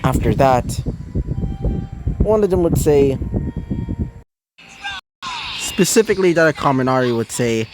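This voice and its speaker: A man narrating a fan story off the cuff, halting with many fillers and restarts. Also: mid-range voice, animated, rough recording.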